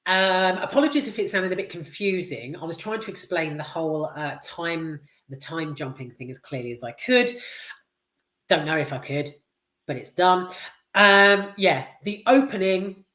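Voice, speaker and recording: A man's voice: fairly high pitch, moderate pace, bright, forceful tone. A British man reviewing a film in a loose, offhand ramble, swearing freely and talking candidly. His voice carries a noticeable room echo, as if recorded in a bare space. He sounds unscripted and chatty rather than polished. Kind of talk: casual spoken film review. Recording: roomy echo.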